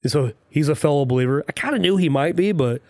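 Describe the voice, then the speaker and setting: A man hosting a podcast in casual chat, chatty with quick asides. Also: a little high, darkish tone, no echo, studio quality. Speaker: podcast host.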